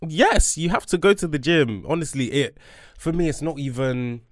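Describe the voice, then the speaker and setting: A man guesting on a podcast in casual chat, telling animated, jokey stories. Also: fairly high pitch, normal speed, dry recording, studio quality. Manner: animated, jokey storytelling with swearing.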